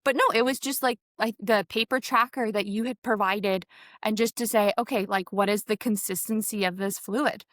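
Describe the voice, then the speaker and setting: Woman guest on a podcast, mid pitch, lots of um and like, dry close sound. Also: steady tone, normal speed, a bit bright, no echo. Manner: rambling, many fillers, acts out quotes. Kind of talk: conversational interview.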